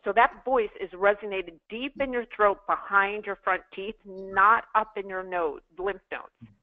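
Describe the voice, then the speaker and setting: Speaking a little slowly with a medium pitch, a sales trainer teaches callers in an interactive online class. She runs emphatic drills and repeats phrases for them to practice; the line sounds tinny and phone-like.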